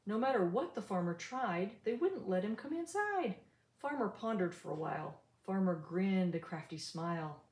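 An older woman reading a rhyming picture book aloud in an animated, sing-song way. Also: medium pitch, moderate pace, roomy sound. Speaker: storybook reader.

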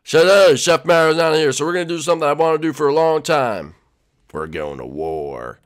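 A man hosting a gaming video, doing energetic, comedic commentary and repeating himself to hype things up. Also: a little high, fast. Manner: excited, repetitive hyping.

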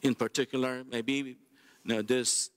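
Priest guy at mass, slow and measured, middle pitch, reads then preaches in a church. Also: little pitch movement, clear, resonant tone. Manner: measured, unhurried, with plain restarts in the homily. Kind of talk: Mass readings and homily.

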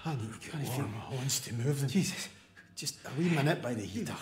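A man's voice: medium pitch, animated, brisk, lightly acted. An actor voicing a frightened Scottish oil rig electrician in a video game, swearing under his breath in panic. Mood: shaken.

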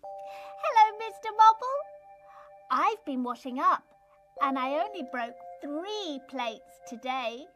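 A clumsy, chirpy little creature on a children's show, as a woman puts it on. The voice is high and bounces up and down. It speaks slowly, with faint music behind. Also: sing-song, heavily acted. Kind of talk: children's TV puppet voice.

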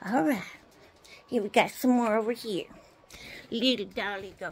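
A woman making a playful home video for a child, slow and sing-song, with soft drawn-out repeats. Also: medium pitch. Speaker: home video maker playing with toys for a child.

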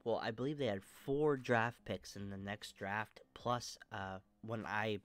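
A young man hosting his own channel, talking casually about a sports video game franchise in a stuffy, monotone voice, rambling with many fillers and restarts. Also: measured pace. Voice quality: monotone, low energy. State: stuffy nose. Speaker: channel host.

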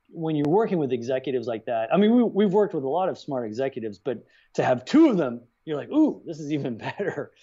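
Animated middle-aged man telling anecdotes. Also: on the high side. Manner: animated, acts out quoted dialogue. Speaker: writer-director guest. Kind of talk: casual interview storytelling. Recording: dull lo-fi sound.

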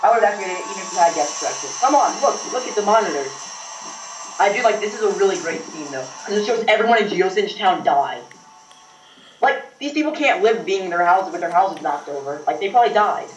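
A man doing casual let's-play commentary as a gaming video host, rambling and breaking into loud excited outbursts. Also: high-pitched, a little fast, slight background noise. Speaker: gaming YouTuber. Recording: echoey, distant, dull mic.

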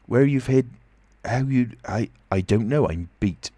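A man's voice: mid-range voice, lively intonation, a little slow, dark tone, dry recording, pitched above the performer's own voice. A man voicing a frightened, blustering tramp who talks in coarse rustic speech, in a storybook reading. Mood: agitated.

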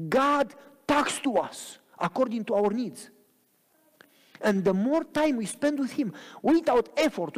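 Animated preaching man in a reverberant church. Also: sits high. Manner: animated preaching with frequent rhetorical questions. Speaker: pastor. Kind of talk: sermon. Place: church sanctuary.

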